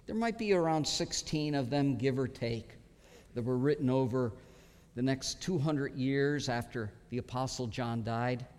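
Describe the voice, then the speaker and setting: A pastor giving an expository sermon, earnest and emphatic, pausing often as he teaches. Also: mid-range voice, a little mellow. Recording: long hall reverb.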